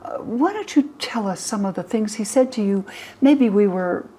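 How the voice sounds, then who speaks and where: A woman's voice: mid-range voice, expressive, normal speed, warm tone, husky. An older woman voicing Peter, an angry, disbelieving male disciple, with scoffing questions as she retells an ancient text. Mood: coaxing. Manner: incredulous, scoffing.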